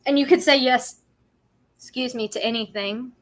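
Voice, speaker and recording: A woman hosting a casual livestream chat, talkative and quick to laugh. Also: high-pitched. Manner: chatty, laughs often. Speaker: livestream host.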